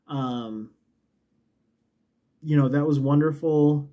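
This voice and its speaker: A man with a fairly high but mellow voice chats casually as a knitting host. He rambles and pokes fun at himself, sometimes drifting away from the mic as he talks. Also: fairly even intonation, takes it slowly, pauses often. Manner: chatty, self-mocking, rambling asides. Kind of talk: casual chat.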